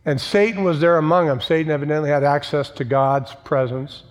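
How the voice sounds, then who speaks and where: A man's voice: a little high, fairly even intonation, brisk. A male pastor preaching a sermon, emphatic, repeating key phrases and asking the congregation for an amen. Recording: long church reverb.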